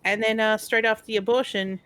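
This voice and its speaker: A woman's voice: a little high, steady tone, fairly quick, a bit bright, clean tone. A woman streaming a retro game, chatting and telling rambling stories. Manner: rambling, chatty storytelling with fillers. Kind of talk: casual chat.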